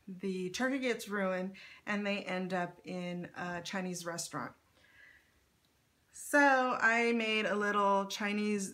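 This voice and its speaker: A woman's voice: medium pitch, fairly bright tone. A middle-aged woman chatting casually as she pages through her scrapbook, with lots of fillers and light laughs. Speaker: scrapbook vlogger. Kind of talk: casual show-and-tell narration.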